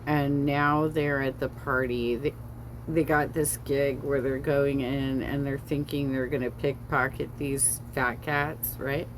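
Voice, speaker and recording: Slow rambling woman commentator. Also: extremely low pitch, level tone, noisy background. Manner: slow, rambling, frequent fillers and self-corrections. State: has the hiccups. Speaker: reaction video host. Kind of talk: casual commentary over a song.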